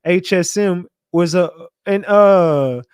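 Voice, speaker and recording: A man hosting a call-in stream, talking bluntly with frequent swearing and thinking out loud. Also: high voice, takes it slowly, clear, resonant tone, dry recording, studio quality. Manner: blunt, profane, thinks aloud. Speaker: show host. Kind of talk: casual live-stream talk with callers.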